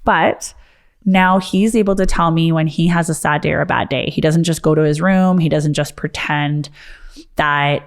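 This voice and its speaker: A woman's voice: low voice, fairly even intonation, moderate pace. A woman who owns a martial arts studio talks to the camera about motherhood in a candid, earnest, reflective way. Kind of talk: personal talk to camera.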